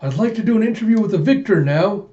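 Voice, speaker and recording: A man's voice: high voice, expressive, fast, mellow, pitched above the performer's own voice. A man doing a chirpy, nosy male reporter. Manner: chirpy, nosy interview questions. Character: eager pushy male TV reporter. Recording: dull lo-fi sound.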